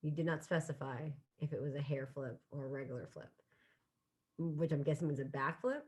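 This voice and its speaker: Brisk and fairly even in intonation, her darkish voice sits low. This woman in her thirties hosts a solo comedy stream from a home room with a bookshelf, where she chats casually and laughs at herself.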